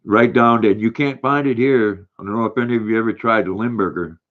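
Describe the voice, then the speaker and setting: Rambling grandpa. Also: male voice, lowish voice, highs cut off. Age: older. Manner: rambling, halting, reads viewer comments aloud. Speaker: livestream host reading chat. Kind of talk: casual livestream chat.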